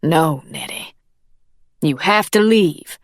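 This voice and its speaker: Cool stern lady of the house, slow and lowish , as a woman reads her. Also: expressive, no room sound, studio quality, heavily acted. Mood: firm. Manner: cool and firm. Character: cool, firm wealthy woman employer.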